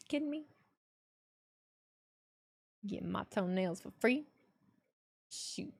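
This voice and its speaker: A woman's voice: medium pitch, big pitch swings, unhurried, vocal fry, pauses often, darkish tone, husky. A young woman streaming casually, joking and speaking bluntly, with free swearing. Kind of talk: casual live-stream chat.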